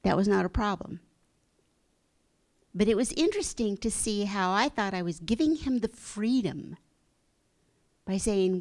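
A middle-aged woman giving a gentle, reflective spiritual talk, slow at times and sometimes dropping to a soft, breathy hush. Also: mid-range voice, animated. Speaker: spiritual teacher.

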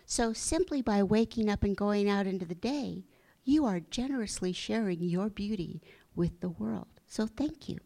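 A woman giving a gentle, earnest inspirational talk, dropping into soft whispers for emphasis. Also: medium pitch, lively intonation, moderate pace. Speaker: spiritual speaker.

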